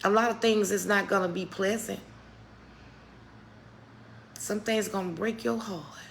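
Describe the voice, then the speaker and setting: A woman's voice: mid-range voice, fairly even intonation, measured pace, gravelly, fairly bright tone, slight background noise. A middle-aged woman giving a motivational faith talk on a live stream, preacherly and calling her viewers "baby". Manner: preacherly, calls viewers "baby", greets chat by name.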